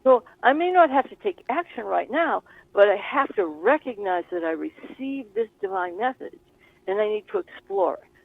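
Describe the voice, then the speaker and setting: A woman's voice: medium pitch, lively intonation, moderate pace, gravelly, no echo. A woman guest and spiritual author, explaining her ideas in an earnest, expansive conversational way, with plenty of examples. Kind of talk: conversational teaching. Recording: tinny phone-like call line.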